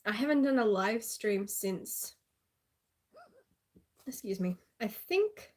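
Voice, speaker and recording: A woman's voice: mid-range voice, lively intonation, slow, pauses often, darkish tone. A woman with an Australian accent chatting casually and sarcastically on a live stream, laughing often.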